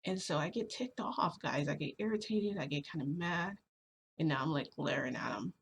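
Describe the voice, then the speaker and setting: A woman's voice: low voice, moderate pace, gravelly, slightly rough. A woman vlogger telling a personal story in casual chat, rambling with lots of fillers and restarts.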